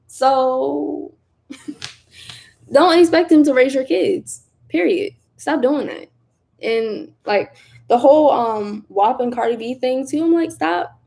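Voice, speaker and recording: A young woman hosting a casual livestream, reading viewer comments aloud in a chatty, animated way and laughing often. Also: on the high side. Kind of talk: casual live chat.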